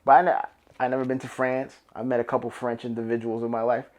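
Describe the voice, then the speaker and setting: A man's voice: mid-range voice, flat delivery, quick pace, darkish tone, lo-fi sound. Profane, rambling New York man ranting solo. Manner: profane, emphatic, loose and rambling. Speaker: podcast host. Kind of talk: solo podcast rant. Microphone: camera and podcast mic.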